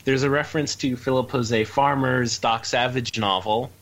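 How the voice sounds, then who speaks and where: A man's voice: mid-range voice, fairly even intonation, normal speed, fairly bright tone, low-quality recording. A man co-hosting a podcast interview, asking questions in a playful, teasing way. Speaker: podcast co-host.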